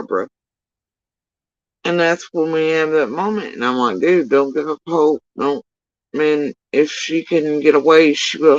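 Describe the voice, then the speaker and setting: A man telling a story in casual livestream talk, rambling and swearing, with sudden high bursts when he quotes people. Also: dry recording, highs cut off. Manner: profane, rambling, animated when quoting others. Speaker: livestream talker.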